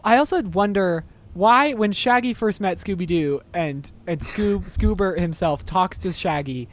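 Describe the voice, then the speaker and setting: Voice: mid-range voice, a little slow. A co-host in a casual podcast chat who laughs often and goes into mock-indignant little rants.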